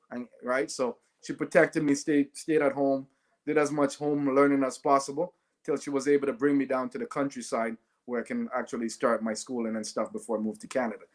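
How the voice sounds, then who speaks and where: A man, a guest telling stories in an interview and often adding "right?". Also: medium pitch. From Jamaica. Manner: animated, often adds "right?". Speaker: guest, former Olympic sprinter. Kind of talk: storytelling in a podcast interview.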